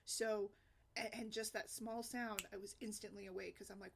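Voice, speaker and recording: A woman's voice: medium pitch, fairly even intonation, normal speed, a little hiss or hum. A woman blogger casually telling a personal family story, rambling with fillers and frequent laughter. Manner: chatty, rambling, laughs often, many fillers. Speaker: single mom blogger.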